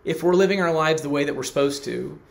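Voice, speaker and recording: A man's voice: a little high, quick pace, creaky. A middle-aged man preaching, telling a personal story and acting out the people he quotes. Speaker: pastor. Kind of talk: sermon.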